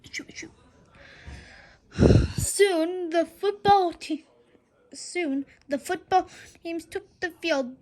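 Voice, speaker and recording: A woman reading a children's book aloud in a lively storytelling way, often stumbling and restarting her words. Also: very high voice, takes it slowly.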